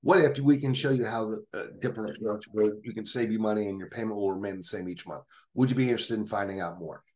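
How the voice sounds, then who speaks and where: A man imitating a hurried male solar sales agent racing through a phone script at breakneck speed. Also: on the low side, darkish tone, pitched below the performer's own voice, close to an everyday voice.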